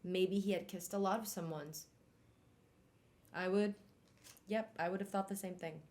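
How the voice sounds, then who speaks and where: A young adult woman hosting a book club on her stream reads a novel aloud and chats about it in a casual, animated way. She swears casually, laughs often, and speaks unhurriedly in a lowish voice.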